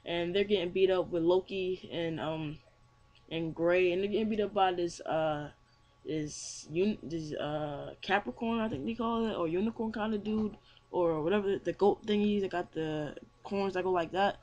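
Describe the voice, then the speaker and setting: A man's voice: sits high, normal speed, darkish tone, dull audio. A young man casually reviewing a manga chapter, rambling with many fillers and restarts. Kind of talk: casual chat.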